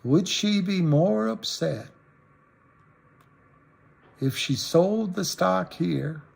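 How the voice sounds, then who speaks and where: A man's voice: sits high, expressive, very slow, gravelly, breathy edge. A middle-aged man hosting a casual livestream, rambling and repeating himself for emphasis, his voice climbing when he gets worked up. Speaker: livestream host talking stocks. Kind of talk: casual livestream talk answering viewers.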